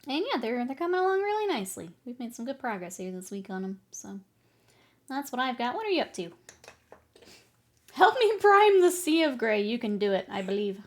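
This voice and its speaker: A woman's voice: fairly high pitch, animated, quick pace. A woman streaming her miniature painting, chatting casually, laughing often and answering her chat while she works.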